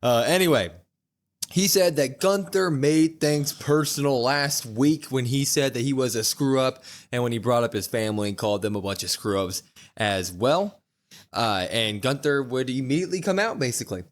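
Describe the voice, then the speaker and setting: A man on a podcast, talking casually and at length about last night's wrestling. His voice sits at an ordinary pitch, and he fills his pauses with "uh" and "um" as he works through each segment. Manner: retells events in long runs, with frequent fillers. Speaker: podcast co-host. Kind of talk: casual wrestling recap chat.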